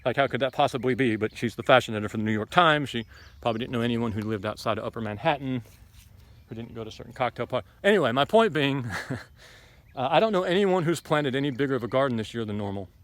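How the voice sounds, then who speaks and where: Walking outdoors, this homesteading vlogger gives a loose, meandering garden tour, speaking fast with lively intonation. His medium-pitched voice sounds a bit bright on a dry recording, and he stays blunt and opinionated, peppering everything with ums and side remarks.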